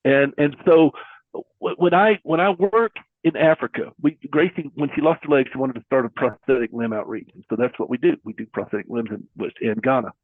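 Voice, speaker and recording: Earnest and a bit preacherly, a middle-aged caregiver advocate uses folksy metaphors as a guest in a conversational interview. He talks briskly in a medium-pitched, husky voice over a thin phone-like line, with no echo.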